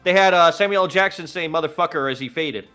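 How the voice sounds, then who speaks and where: A man co-hosting a casual podcast in a bright, somewhat high voice. He rambles through loose thoughts, filling gaps with "uh" and quick laughs. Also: clean tone, soft background music. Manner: rambling, laughs often, many fillers. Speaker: podcast co-host. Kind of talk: casual chat.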